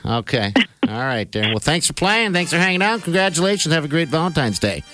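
A man's voice: fairly high pitch, big pitch swings, a little fast, over music. A man hosting a morning radio show, chatting casually and laughing often.

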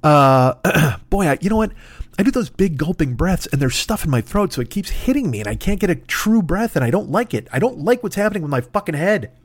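A man's voice: high voice, very animated, fast, no echo, clean studio sound. A man with a stuffy nose hosting a podcast, ranting through a profane, self-deprecating comic monologue. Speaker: podcast host. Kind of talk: rambling comedic monologue.

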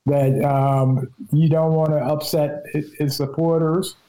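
A male journalist talking in a casual podcast conversation, his voice sitting a bit high for a man but dark and mellow in tone. He speaks slowly and rambles through his stories, often restarting his sentences. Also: little pitch movement, rough recording. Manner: rambling storyteller with many restarts. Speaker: journalist guest.

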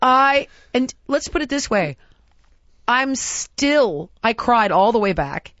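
A woman hosting a casual chat, telling a story in an animated, exasperated way and acting out what people said. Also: fairly high pitch, takes it slowly, no room sound, dull audio. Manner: animated, exasperated, acts out quotes. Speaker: podcast host.

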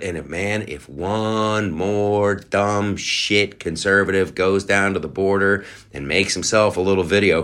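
A man's voice: sits low, unhurried, few pauses, a bit bright. A man hosting a podcast, delivering a profane, sarcastic political rant and mocking other people in put-on voices. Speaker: podcast host. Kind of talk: ranting political commentary.

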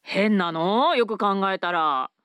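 A woman's voice: mid-range voice, normal speed, a bit bright, smooth, dry recording, clean studio sound. A woman co-hosting a podcast in casual chat, playful and chatty, with a radio DJ's ease. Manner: playful and chatty, often laughing.

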